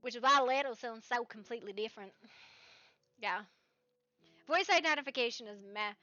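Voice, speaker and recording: A bright, fairly high-voiced woman rambles in casual stream chat. She tosses in "right?" constantly as she talks. The sound is dry and a bit dull, with faint music under it. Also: moderate pace, no echo. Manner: rambling, animated, asks "right?" often. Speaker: roleplay streamer.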